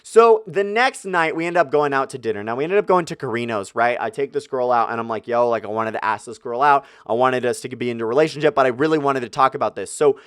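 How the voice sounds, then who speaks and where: A young man tells a story at a rapid clip, cursing constantly and loudly replaying what he said in the moment. His voice is dry and close, with no room sound around it. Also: medium pitch, clear, resonant tone, no room sound. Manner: profane, ranting, acts out his own outbursts. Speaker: vlogger. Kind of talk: casual storytelling.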